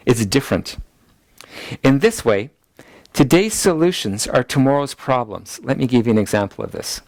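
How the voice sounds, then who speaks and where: A man teaching a ministry school lecture in a voice of ordinary pitch. He repeats his main points so they can be written down. The sound is dry and close, with no room echo. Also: animated, moderate pace, darkish tone. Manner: acts out people's anxious inner voices in quotes; repeats key points for note-taking.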